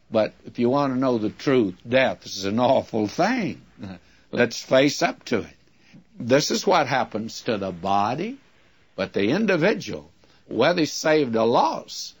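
Older preacher, folksy and plainspoken. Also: male voice, mid-range voice. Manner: folksy, conversational preaching with asides like "you see" and "friends". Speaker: radio Bible teacher. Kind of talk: expository radio sermon.

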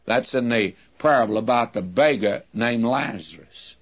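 A man's voice: medium pitch, normal speed. A man preaching an earnest, emphatic sermon, addressing his listeners as friends.

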